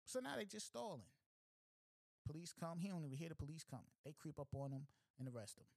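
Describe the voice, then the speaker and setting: A man hosting a podcast, telling a story in a casual, slangy, animated way, often asking "you know what I'm saying". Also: a little high, fast, creaky, no echo. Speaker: podcast host.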